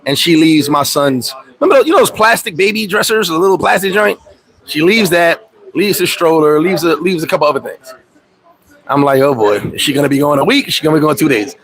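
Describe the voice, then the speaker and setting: On a low-quality livestream recording from the Dominican Republic, a man who lives abroad tells a story at a fairly quick pace in a slightly high voice. This vlogger curses constantly and acts out the others in his tale with animated energy.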